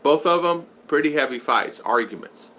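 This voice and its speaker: A man's voice: fairly high pitch, lively intonation, normal speed, a bit bright. An older man hosting a casual live-stream vlog, rambling along and reading out viewer comments. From United States. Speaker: vlog host.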